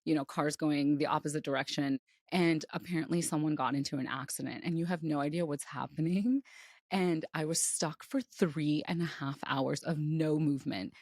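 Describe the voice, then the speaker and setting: A woman's voice: sits low, steady tone, moderate pace, a little mellow, dry recording, studio quality. A woman co-hosting a podcast, telling stories animatedly and laughing often. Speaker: podcast co-host. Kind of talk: casual chat.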